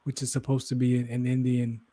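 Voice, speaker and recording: A man's voice: mid-range voice, monotone, brisk, dark tone, no room sound. A man hosting a casual interview, asking friendly questions and adding brief encouraging replies. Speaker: host.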